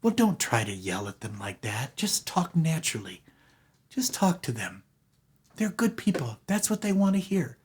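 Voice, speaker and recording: A man voicing a gentle lawmaker who talks softly and reassuringly. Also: a little high, very animated, moderate pace, husky, voice pushed up, exaggerated voice. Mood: soothing. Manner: soft, quiet, reassuring.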